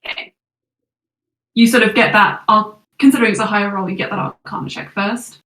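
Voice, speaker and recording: A woman narrates a tabletop game as its game master, describing each moment with measured, descriptive detail. She sounds set back from the mic in a roomy, echoing space. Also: mid-range voice, steady tone, a bit bright. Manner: descriptive, measured narration with quick rules talk. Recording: echoey room, voice from far off.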